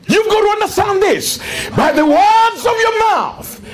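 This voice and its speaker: A man preaching a fervent sermon in a church, often shouting. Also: extremely high pitch, big pitch swings, a little slow. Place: church with congregation. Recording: congregation responding behind.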